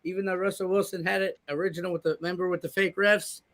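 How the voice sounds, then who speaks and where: Man, casual sports talk, excitable profane rants, slightly high voice. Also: quick pace. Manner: animated, profane ranting. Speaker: podcast host.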